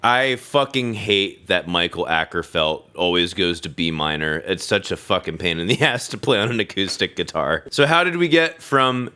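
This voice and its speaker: Lowish man breaking down a song. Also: expressive, moderate pace, hardly any pauses, soft background music. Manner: enthusiastic, profane, explains theory terms. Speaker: music reaction host. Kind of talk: casual music analysis over a playing track. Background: loud rock song playing.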